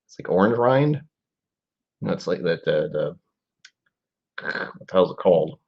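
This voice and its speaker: A man's voice: low voice, expressive, measured pace, gravelly, dull audio. A man in his forties hosting a casual live-stream tasting, musing aloud and rambling with trailing asides. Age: 40s.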